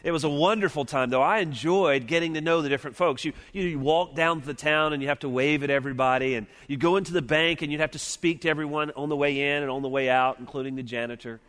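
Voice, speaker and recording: A middle-aged man with a Southern US accent from Alabama, preaching an earnest, measured sermon that slows and drops quiet on its key points. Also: on the high side. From Mobile, Alabama, US Deep South. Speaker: preacher at a seminary chapel. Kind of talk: sermon with opening prayer. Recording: long reverb of a large chapel.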